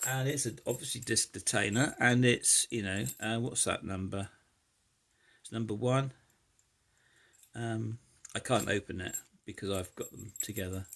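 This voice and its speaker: A man's voice: lowish voice, moderate pace, vocal fry, fairly bright tone. A man casually demonstrating lockpicking, thinking aloud with many hesitant fillers. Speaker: lockpicking hobbyist vlogger. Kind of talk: casual demonstration while picking a lock.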